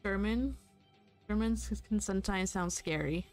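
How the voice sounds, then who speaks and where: A woman's voice: mid-range voice, measured pace, darkish tone, soft background music. A woman co-hosting a casual chat, asking questions and giving short reactions.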